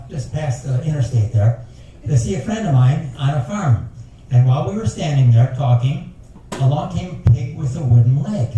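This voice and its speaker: A man's voice: a little high, noisy background. An older man telling folksy, rambling jokes at a passenger talent show. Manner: folksy storyteller with rambling asides. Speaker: talent show joke teller. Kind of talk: stand-up joke telling. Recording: echoey room taped from far off.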